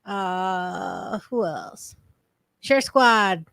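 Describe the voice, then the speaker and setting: A woman's voice: lowish voice, huge pitch swings, very slow, vocal fry, fairly bright tone. A woman co-hosting a recovery livestream in casual chat, greeting viewers by name and talking around a sore tongue. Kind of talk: casual live-stream chat.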